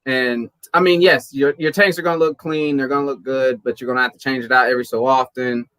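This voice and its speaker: A man hosting a casual podcast, relaxed and repeating himself to stress a point. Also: medium pitch, fast talker, clean tone, no echo. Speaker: podcast host.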